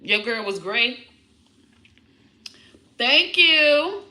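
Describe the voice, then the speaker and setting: A woman vlogging casually to her viewers, animated and breaking into high baby talk with her dog. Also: extremely slow, echoey room. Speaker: comedian vlogger talking about her puppy.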